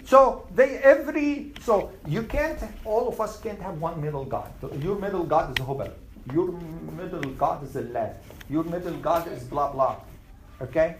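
Lively teacher quizzing his students. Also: high-pitched, roomy sound, slight background noise, low-quality recording. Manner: animated questioning, quick summarizing lists. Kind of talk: classroom Q&A lesson.

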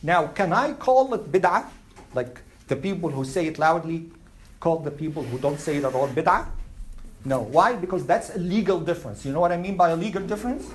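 A man with a voice on the high side teaches a religious class as a conversational classroom lecture, frequently asking questions of the room and repeating them. The recording is rough, with slight background noise.

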